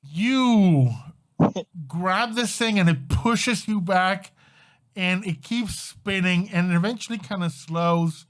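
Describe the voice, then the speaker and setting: A man with a fairly high voice narrating a tabletop game as game master. He describes the scene in a loose way and often breaks into laughter. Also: takes it slowly.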